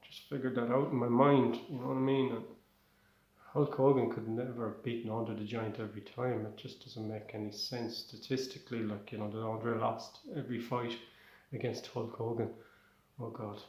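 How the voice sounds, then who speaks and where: A man from Ireland telling comic stories in a rambling, excitable way that keeps breaking off and restarting. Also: medium pitch, moderate pace, reverberant. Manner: rambling, self-interrupting, excitable. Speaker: stand-up comedian. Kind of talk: comic storytelling.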